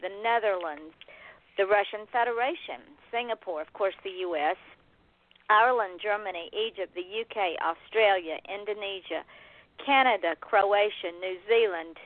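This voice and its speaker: A woman's voice: mid-range voice, no room sound. A woman hosting an internet radio show, folksy and enthusiastic, saying y'all. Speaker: podcast host. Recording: tinny phone line.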